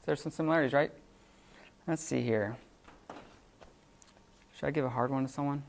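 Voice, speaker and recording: Gravelly male teacher in a classroom. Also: mid-range voice. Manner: informal, halting, many fillers. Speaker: Greek teacher. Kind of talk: classroom lecture.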